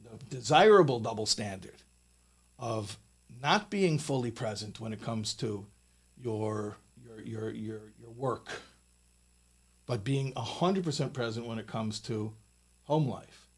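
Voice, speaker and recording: A man teaching a Torah lesson in a studio. He speaks emphatically, rises higher and louder to stress his points, and often repeats words as he teaches. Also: a little slow, slightly rough. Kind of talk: recorded Torah talk with a closing blessing.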